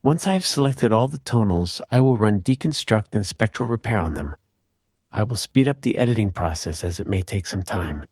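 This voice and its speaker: A man calmly and methodically walking through an audio repair tutorial in voice-over. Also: lowish voice, normal speed, breathy edge, dry recording, studio quality. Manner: calm, methodical explaining. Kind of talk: screen-recorded software tutorial.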